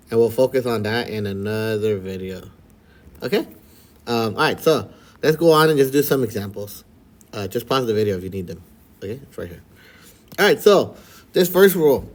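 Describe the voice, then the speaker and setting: A man teaching a math lesson in a relaxed, chatty way, often checking in with his students. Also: medium pitch. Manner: relaxed and chatty, checks in with frequent "all right?" and "okay?". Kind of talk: casual recorded lesson for students.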